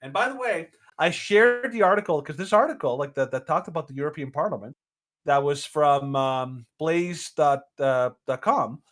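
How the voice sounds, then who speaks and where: A man's voice: fairly high pitch, normal speed, a bit bright, poor audio. A man co-hosting a podcast, ranting emphatically with indignation and lots of fillers. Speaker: podcast co-host. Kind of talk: opinionated podcast rant.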